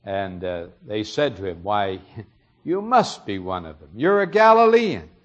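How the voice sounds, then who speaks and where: A man's voice: sits low, big pitch swings, a little slow, lo-fi sound. A man preaching a sermon, retelling a story earnestly and explaining it, his emphasis rising on key moments.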